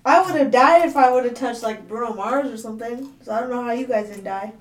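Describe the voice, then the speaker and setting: A woman's voice: on the high side, quick pace. A woman co-hosting a casual podcast chat, giggly and emphatic. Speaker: podcast co-host. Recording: echoey room.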